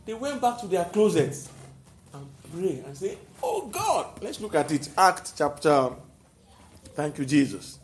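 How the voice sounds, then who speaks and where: A Nigerian man preaching with a high, lively voice that carries through an echoey hall. He keeps calling out to his listeners and breaks into laughter as he drives his points home. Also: a little slow. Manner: animated, calls out to the congregation, laughs often. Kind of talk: sermon.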